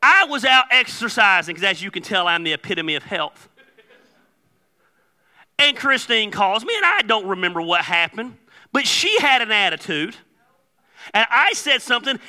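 A man preaching a sermon as pastor, telling a joking story with sudden loud outbursts. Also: high voice. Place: church sanctuary. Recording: long hall reverb.

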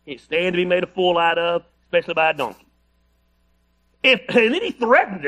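A man's voice: sits high, expressive, normal speed, pauses often, a bit bright. A male pastor preaching a sermon, reading scripture aloud with playful, joking asides.

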